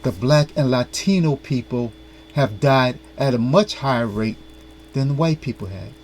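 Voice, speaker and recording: A man's voice: mid-range voice, normal speed, a little mellow, a little hiss or hum. A man hosting a commentary vlog, speaking in an earnest and pointed way. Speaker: host.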